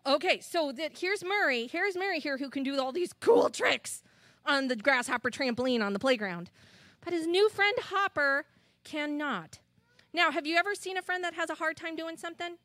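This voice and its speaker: A woman telling a children's story at church, animated and chatty with the kids, into a handheld mic. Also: high voice, normal speed, no echo, studio quality. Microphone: handheld microphone.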